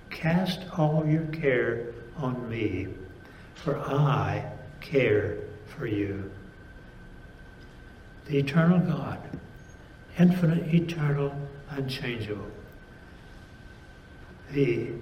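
Guy preaching slow and emphatic, echoey room, faint hum behind. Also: a little high, a little mellow. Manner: slow, deliberate, emphatic delivery with pauses. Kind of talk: sermon.

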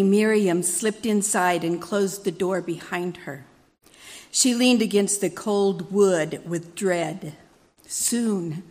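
A woman reading a dramatic story aloud at a church service, measured and expressive. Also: medium pitch, in a large hall.

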